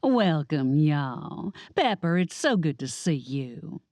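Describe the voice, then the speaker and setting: A woman's voice: low-pitched, very animated, slow, a little mellow, no echo, exaggerated voice. Woman voicing a baker, sweet, vacant, drawling, dry close sound.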